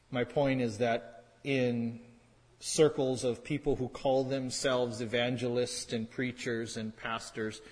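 A man's voice: lowish voice, big-room sound, rough recording. A man preaching a sermon as pastor, in a conversational way with wry asides and pointed repetition.

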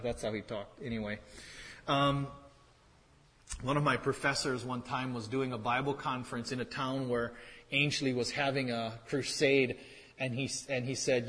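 A man's voice: medium pitch, fairly even intonation, moderate pace, a bit bright. Man preaching in a reverberant hall. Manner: conversational preaching, wry asides, pointed repetition. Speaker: pastor. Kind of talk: sermon.

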